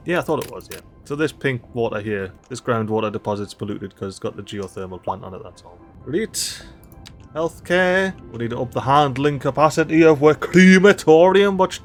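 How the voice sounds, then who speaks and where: A man casually commenting on a city-building game, joking and chatting to the little citizens, with faint game sounds behind. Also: medium pitch. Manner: chatty, jokey, talks to game characters. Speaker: gameplay streamer. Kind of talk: casual let's-play commentary.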